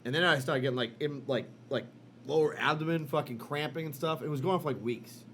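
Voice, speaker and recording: A man co-hosting a casual podcast with a somewhat high voice. He tells stories loosely and animatedly, with plenty of swearing and filler words. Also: quick pace, slight background noise. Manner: animated, profane, lots of fillers. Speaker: podcast co-host. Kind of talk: casual storytelling chat.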